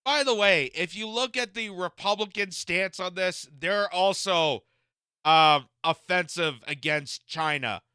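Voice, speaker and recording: A man's voice: sits high, a little slow, pushed and bright, clean tone, no echo. A man hosting a political reaction commentary, mocking and incredulous, often laughing at what he reacts to.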